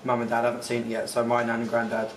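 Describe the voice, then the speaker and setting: A man's voice: medium pitch, completely flat delivery, quick pace. A young man hosting a casual family vlog, rambling with restarts and fillers. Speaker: vlogger. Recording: echoey room with faint noise.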